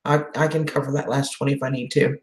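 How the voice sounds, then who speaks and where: A woman's voice: rumbling low, fairly even intonation, fast talker, echoey room. A woman hosting a casual live chat, emotional as she answers viewer comments. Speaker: channel host doing a live chat.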